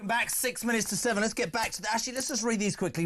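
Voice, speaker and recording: A man hosting a talk radio phone-in, reading listener messages aloud in a quick, jokey way. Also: sits high, fairly bright tone. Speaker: radio talk show host.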